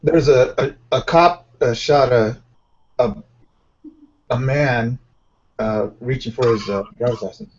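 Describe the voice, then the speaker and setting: A man's voice: medium pitch, slow, pauses often. Rambling male co-host. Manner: rambling, many uh fillers. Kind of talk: casual talk show debate. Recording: lo-fi stream audio.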